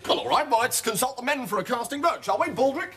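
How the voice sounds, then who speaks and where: An actor playing a cheerful, dim-witted young upper-class officer. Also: male voice, very high-pitched, lively intonation, quick pace, a bit bright, heavily acted. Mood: hearty. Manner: hearty, gushing. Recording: TV soundtrack with music behind.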